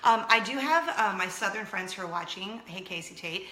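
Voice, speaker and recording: A woman's voice: mid-range voice, animated, moderate pace, hardly any pauses, sharp tone, echoey room, a little hiss or hum. A woman in her thirties hosting a chatty vlog, gushing and talking straight to her viewers. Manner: bubbly, gushing, talks to viewers directly. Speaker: vlog host.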